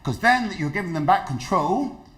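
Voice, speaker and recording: A middle-aged man leads a dementia awareness session. His pitch swings widely as he tells stories, and he slips into the voices of the people in them. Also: normal speed. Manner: lively storytelling, acts out quoted voices. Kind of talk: health talk to an audience.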